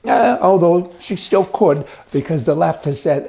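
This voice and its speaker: Male commentator, gravelly and slightly higher-pitched, chatty and emphatic on-air style. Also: lively intonation, measured pace, hardly any pauses, dark tone. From United States. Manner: folksy, emphatic, chatty with asides. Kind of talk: opinionated news commentary.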